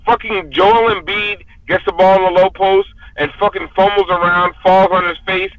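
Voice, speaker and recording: A man's voice: high voice, little pitch movement, moderate pace, lo-fi sound, a crowd in the background. A man on a casual podcast, drunk and heated, ranting with constant profanity. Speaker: podcast guest.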